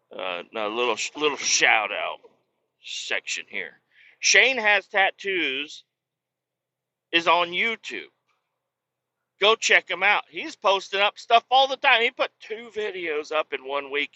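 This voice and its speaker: Bright-voiced man ranting on a podcast. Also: mid-range voice, no echo, lo-fi sound. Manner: rambling, joking, rants with bursts of shouting. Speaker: podcast host. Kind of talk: casual solo podcast talk. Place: moving vehicle on a bumpy road.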